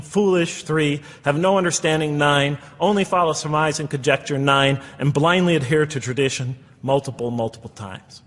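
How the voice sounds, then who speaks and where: A man's voice: on the high side, fairly bright tone. A man giving a public lecture to an audience, earnest and full of rhetorical questions. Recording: echoey hall, long reverb.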